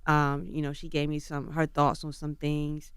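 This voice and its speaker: A woman's voice: low-pitched, completely flat delivery, moderate pace, clean tone, dry recording, studio quality. A woman rapper as a guest on a radio morning show, chatting casually and telling stories in laid-back slang. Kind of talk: casual interview chat. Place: radio studio.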